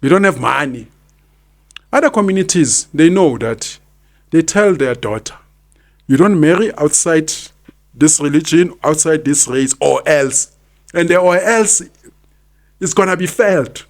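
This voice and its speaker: A man's voice: on the high side, animated, unhurried, long pauses. A South African man in his fifties hosting a podcast, giving opinionated commentary and hammering home his points by repeating them. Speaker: podcast host.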